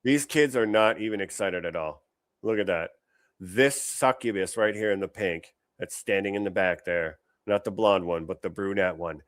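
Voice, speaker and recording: A man's voice: sits low, normal speed, dry recording, clean studio sound. A man hosting a political commentary livestream, brash and mocking, swearing freely. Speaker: show host.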